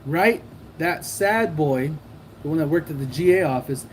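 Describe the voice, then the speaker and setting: A man's voice: fairly high pitch, animated, moderate pace, a little hiss or hum, rough recording. A man telling a personal anecdote in casual slang, swearing a lot and acting out what people said. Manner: profane, streetwise slang, acts out quotes. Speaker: storyteller.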